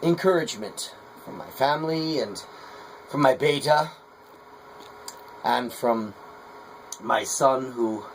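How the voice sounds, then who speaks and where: Middle-aged male potter, folksy rambler, mid pitch, faint background hum. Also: slow, pauses often, poor audio. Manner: rambling, folksy, hesitant with fillers. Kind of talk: casual vlog talk while working.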